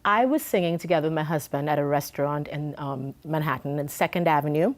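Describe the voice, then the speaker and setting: A singer from Trinidad talks. Her voice sits low, and she laughs often as she tells her stories. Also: fast. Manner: warm, chatty, laughs often. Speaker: singer and guest. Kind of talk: interview.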